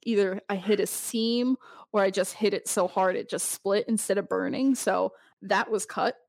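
A woman's voice: mid-range voice, steady tone, normal speed, gravelly, darkish tone, no echo, rough recording. Rambling woman telling a story, dry sound. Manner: rambling storytelling with many restarts. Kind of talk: casual chat.

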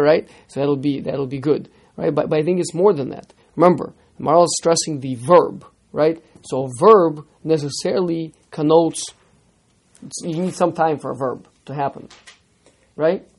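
A man teaching a text study class, lively, firing rhetorical questions at his students and repeating words as he starts sentences. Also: fairly high pitch, moderate pace, vocal fry, husky. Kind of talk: interactive text lesson.

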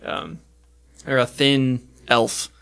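A man narrating a tabletop role-playing game as game master, with a relaxed storytelling manner and plenty of fillers. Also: mid-range voice, drawn-out words, creaky, smooth.

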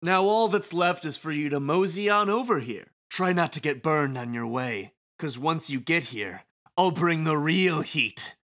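A man's voice: on the high side, animated, measured pace, a bit bright, pitched above the performer's own voice. A man voicing a brash male villain who hosts a deadly game, taunting like a showman announcer. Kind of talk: reading game dialogue aloud.

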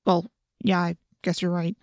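A woman's voice: lowish voice, steady tone, fairly quick, vocal fry, dry recording, clean studio sound, pitched below the performer's own voice. A woman reading as a muttering, grudging teenage boy.

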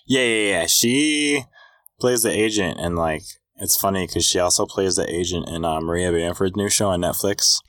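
A man's voice: low-pitched, moderate pace, a bit bright, no room sound, clean studio sound. A man co-hosting a casual podcast, chiming in with sardonic, profane quips. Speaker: podcast co-host. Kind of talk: casual chat.

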